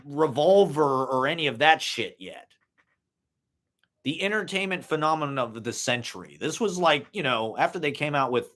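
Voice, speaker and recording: A young man with a slightly high, fairly bright voice muses in a loose, casual vlog monologue. He swears freely and pads his talk with "like" and "you know."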